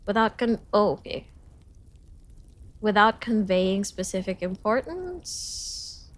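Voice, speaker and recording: A woman's voice: expressive, slow pace. Giggly young woman streamer studying aloud. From Philippines. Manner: reads lessons aloud, then jumps to high cheerful greetings to chat; giggly, self-conscious asides. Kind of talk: casual study livestream, reading notes aloud.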